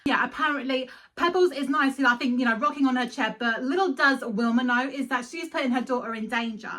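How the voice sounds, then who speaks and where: A woman's voice: high-pitched, quick pace, bright, forceful tone. Chatty giggly woman reviewing cartoons. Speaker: video host. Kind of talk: casual cartoon review commentary.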